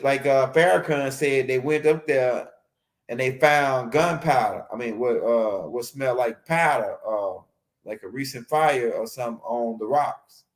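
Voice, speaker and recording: A man giving a casual, rambling lecture on a livestream, repeating himself and using street slang. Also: mid-range voice. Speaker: host of a spiritual teaching stream.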